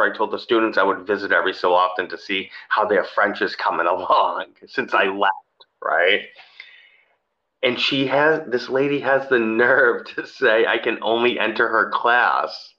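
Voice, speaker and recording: A man co-hosting a podcast, telling a story in casual chat, animated and laughing often, his voice jumping high when excited. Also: normal speed, muffled recording. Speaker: podcast co-host.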